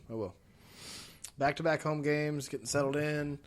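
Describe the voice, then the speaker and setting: A man's voice: a little high, fairly even intonation, normal speed. Casual rambling sports podcast guy. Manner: loose, rambling, lots of restarts and fillers.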